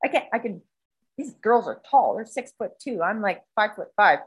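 Her voice is husky and medium-pitched, moving at a moderate pace on a low-quality recording. As a storyteller in a casual chat, she curses plenty and animatedly acts out sounds and what others said.

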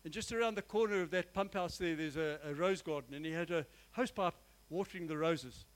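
Man, pastor, sermon, high voice, earnest, emphatic, repeats phrases. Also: brisk, low-quality recording. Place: church.

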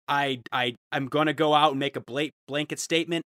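Bright-voiced man ranting on a podcast. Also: a little high, steady tone, brisk, dry recording, studio quality. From Ohio. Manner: ranting, mock-outraged, jumps into quoted voices. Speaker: podcast host. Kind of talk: casual podcast chat.

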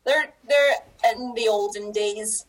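A woman's voice: fairly high pitch, slow pace, low-quality recording. A Scottish woman, a podcast guest and educator, chatting casually and laughing often as she trails off and restarts. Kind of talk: casual chat.

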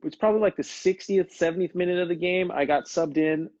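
A man's voice: sits high, fairly quick, a little mellow, no echo, highs cut off. A man in his thirties hosting a casual livestream, telling stories in a laid-back way. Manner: laid-back storytelling, calls people brother. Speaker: livestream host, former pro soccer player.

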